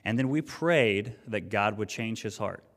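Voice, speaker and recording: A man's voice: lowish voice, measured pace, a bit bright. A man preaching a sermon, telling a personal story in an earnest, conversational way with frequent restarts. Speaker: pastor. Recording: long reverb of a hall.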